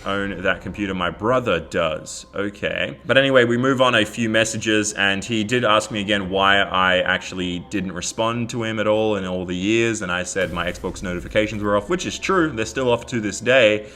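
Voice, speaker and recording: A man's voice: lowish voice, moderate pace, hardly any pauses, bright, forceful tone, a little hiss or hum. An Australian man telling a story in a casual vlog, bemused as he recounts chat messages. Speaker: YouTuber.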